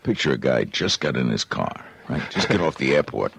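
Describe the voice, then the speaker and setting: A man's voice: rumbling low, very animated, a little fast, creaky, fairly bright tone, husky, dry recording. A man hosting a call-in radio show, interviewing a guest in a playful way. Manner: playful, gamely tries tongue twisters.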